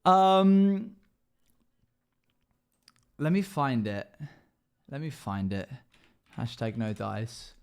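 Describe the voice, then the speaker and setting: Lively, emotional male streamer. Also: medium pitch, very slow, long pauses, smooth. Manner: emotional, rambling, reacting to chat. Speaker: streamer and dungeon master. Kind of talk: casual livestream chat.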